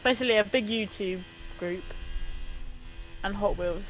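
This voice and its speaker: A young woman chatting casually on a live stream, rambling and animated, laughing often. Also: medium pitch, moderate pace, music in the background, poor audio. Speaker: stream co-host. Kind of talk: casual chat.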